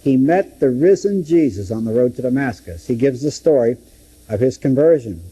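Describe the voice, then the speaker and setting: A man's voice: mid-range voice, lively intonation, moderate pace, mellow, breathy edge, rough recording. A man teaching through a Bible book, dramatically acting out the quoted speeches. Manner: dramatic, acts out scripture quotes.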